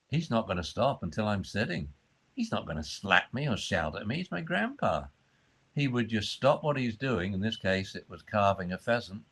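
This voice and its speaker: A man explaining dog training in a conversation, acting out the voices he uses with dogs. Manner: acts out high fussy voices and low calm commands.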